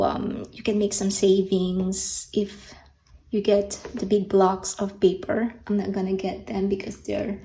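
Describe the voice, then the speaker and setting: A woman hosting a casual vlog, talking slowly and hesitantly with many ums and restarts. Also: mid-range voice, creaky, a little mellow, rough recording. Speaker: art channel host. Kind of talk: casual show-and-tell vlog. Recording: faint background noise.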